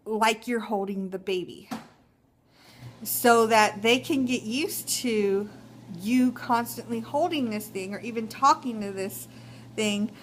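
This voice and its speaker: Chatty Texan woman with a higher voice. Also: slight background noise, low-quality recording. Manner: chatty, many fillers like um and you know. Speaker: vlogger. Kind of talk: casual advice vlog.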